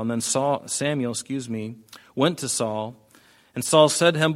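A pastor giving a casual, conversational Bible teaching with joking asides and frequent restarts. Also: male voice, medium pitch, normal speed, fairly bright tone.

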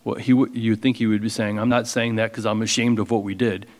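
A man preaching as a pastor, reading scripture slowly with emphasis and then explaining it in a casual, conversational way. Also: on the low side, level tone, in a large hall. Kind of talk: expository sermon.

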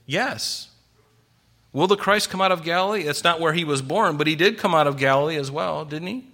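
A man preaching an expository sermon, animated and full of rhetorical questions. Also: a little high, normal speed. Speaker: pastor.

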